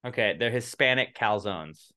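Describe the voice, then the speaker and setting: A young adult man co-hosting a podcast in casual, laid-back talk, swearing freely and speaking warmly to listeners. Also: fairly low pitch, expressive, moderate pace, smooth. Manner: laid-back, profane, heartfelt. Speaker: podcast co-host.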